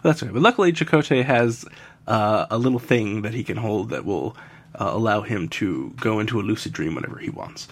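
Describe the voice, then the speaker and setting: A man's voice: on the low side, expressive, fairly quick, breathy edge. A man casually recapping a TV episode, rambling and laughing often. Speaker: podcast co-host recapping an episode. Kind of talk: casual chat.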